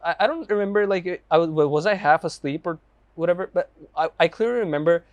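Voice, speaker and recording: A young man hosting a casual chat, jumping in quickly and laughing along. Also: sits high, no echo, dull audio. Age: young adult. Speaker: podcast host.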